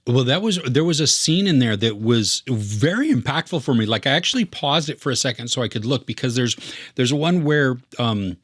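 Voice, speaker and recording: A man's voice: mid-range voice, lively intonation, moderate pace, fairly bright tone, no echo, studio quality. Earnest rambling man on a movie podcast. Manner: earnest, rambling, many fillers. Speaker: podcast co-host. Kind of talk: casual movie review chat.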